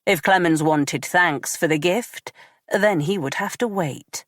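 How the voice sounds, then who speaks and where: Woman audiobook narrator, low voice, measured read, dry close sound. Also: no room sound.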